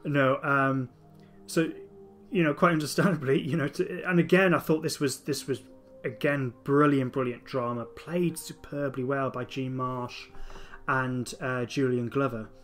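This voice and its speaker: Soft music sits in the background as a podcast host speaks with eager energy in a casual talk. His voice is mid-range, steady, and fairly bright, and his sentences often stall and restart.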